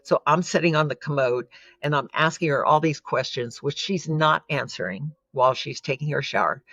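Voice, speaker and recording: A woman's voice: deep voice, a bit bright, no echo, dull audio. A woman giving an earnest, emotional personal testimony as a guest in an interview. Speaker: podcast guest.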